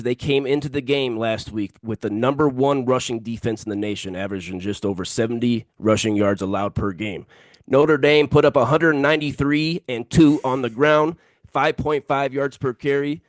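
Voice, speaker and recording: A man's voice: mid-range voice, fairly even intonation, moderate pace, no room sound, studio quality. A man co-hosting a casual sports podcast, giving confident, emphatic picks and repeating himself for emphasis. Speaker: podcast co-host.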